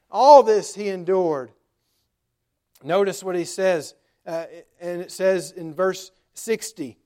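A man's voice: high voice, darkish tone. A male pastor preaching a sermon, retelling scripture in plain everyday words with a conversational manner and frequent filler sounds.

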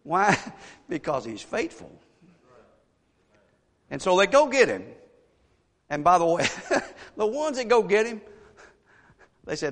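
A man preaching a sermon as a pastor, telling a story with animated asides and rhetorical questions to the congregation. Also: sits high, slow pace, pauses often. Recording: echoey church hall.

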